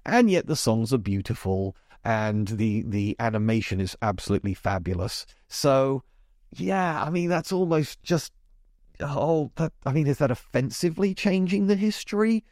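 A man's voice: mid-range voice, animated, normal speed, a little mellow, no echo, studio quality. A man hosting a podcast, talking casually and emphatically about musicals with chatty asides. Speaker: podcast host. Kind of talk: casual chat monologue.

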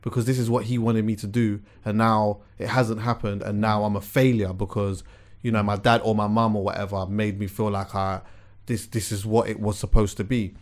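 A young man hosting a podcast, talking in a relaxed, reflective way with plenty of slang. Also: fairly low pitch, moderate pace. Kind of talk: casual chat.

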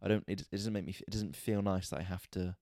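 A man hosting a podcast, telling a story in an exasperated, sweary, animated rant. He is a stand-up comedian talking casually. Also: low-pitched, quick pace, gravelly, no room sound, studio quality. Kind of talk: casual ranting monologue.

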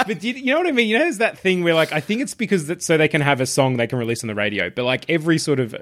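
A man co-hosting a podcast, talking in an animated, casual way and swearing freely. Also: on the high side, racing. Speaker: podcast co-host. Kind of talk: casual chat.

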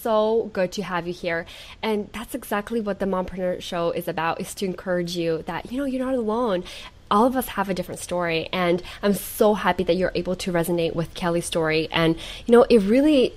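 A woman's voice: on the low side, fairly quick. A young woman from Ukraine hosting a live online show, effusive and full of praise as she reads out viewer comments. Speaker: host.

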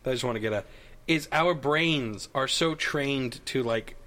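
Excitable New guy joking around. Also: mid-range voice, unhurried. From New York. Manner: excitable, joking, swears casually. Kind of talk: casual chat among friends.

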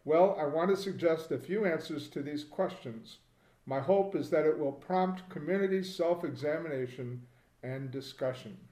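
A man co-hosting a casual podcast, with a slightly higher-than-average voice. He talks in a wry, relaxed way and pokes fun at himself. The room adds a noticeable echo. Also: normal speed. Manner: wry, laid-back, self-deprecating. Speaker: podcast co-host. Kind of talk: casual chat.

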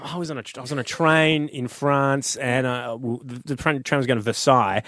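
A man telling an animated story in casual chat, mimicking shrill voices. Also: brisk, dry recording, clean studio sound.

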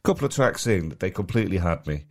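A man from Manchester with a strong Mancunian accent and a very low-pitched voice. He talks in a loose, rambling way, full of restarts, like a podcast co-host chatting casually. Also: very animated, fast. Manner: rambling, stop-start, lots of restarts. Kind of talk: casual chat.

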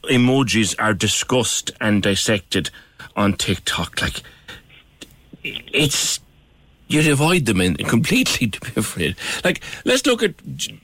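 A middle-aged man, chatting on radio as host in a lively, incredulous way. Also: lowish voice, dry recording. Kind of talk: radio chat.

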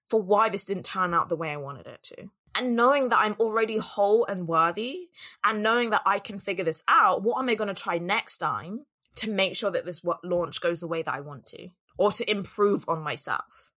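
A woman's voice: mid-range voice, fairly bright tone. A woman business coach giving an earnest, reflective solo talk on self-worth and voicing the doubts in people's heads.

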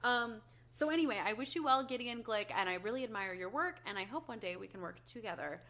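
A woman's voice: a little high, expressive, fast talker, a bit bright. A woman co-hosting a podcast in casual chat, upbeat and peppered with ums. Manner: chatty, upbeat, frequent ums. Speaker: podcast co-host.

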